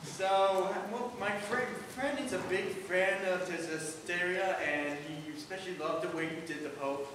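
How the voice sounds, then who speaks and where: A man's voice: high voice, moderate pace, few pauses. A man in the audience at a convention panel, asking a hesitant, stumbling question. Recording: echoey hall, far from mic, crowd.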